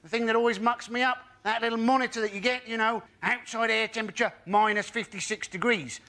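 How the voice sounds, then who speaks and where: A man delivering a quick, dry observational stand-up bit. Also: very high-pitched, steady tone. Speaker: comedian. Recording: studio with loud audience noise.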